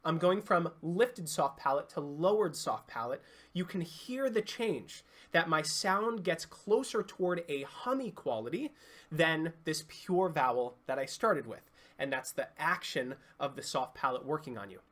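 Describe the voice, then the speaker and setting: A singing coach giving an online vocal lesson, explaining clearly and demonstrating sounds. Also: mid-range voice, expressive, a little slow, fairly bright tone.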